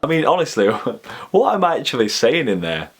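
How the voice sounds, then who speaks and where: A man's voice: mid-range voice, very animated, normal speed. A man with a Yorkshire accent chatting in a casual vlog, joking at his own expense and chuckling often. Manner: jokey and self-mocking, chuckles often. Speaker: vlogger and TV extra. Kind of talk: casual chat.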